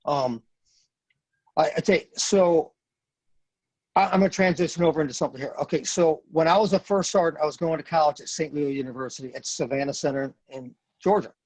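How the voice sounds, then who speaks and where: A husky, slightly high-pitched man in his fifties tells a story in a podcast interview. He is blunt and earnest and hammers points home by repeating them. His voice sits close and dry, with no room echo. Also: brisk, a little mellow. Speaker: podcast guest, retired Marine sergeant major.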